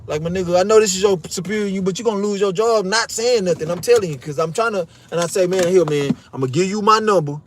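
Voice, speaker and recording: A young man with a high voice rants through a story in a heated, profane vlog. He jumps into raised voices whenever he quotes someone. Faint noise hums behind him. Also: fast talker, hardly any pauses. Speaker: vlogger. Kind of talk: animated storytelling rant.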